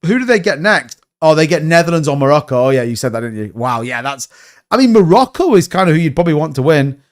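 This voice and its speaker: On a crypto livestream, a man from Yorkshire, England talks quickly in a fairly high voice with big pitch swings. He reads viewer comments in casual chat, answers bluntly, repeats himself often, and calls people mate.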